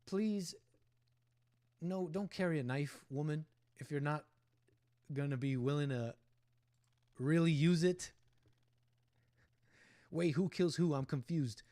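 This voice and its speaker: A man hosting a livestream reacts to a video clip with rambling, opinionated commentary, and he often talks straight back at the people on screen. His voice sits a little high for a man. The sound is dry and close, with no room echo. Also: slow pace, pauses often, dark tone. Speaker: livestream host.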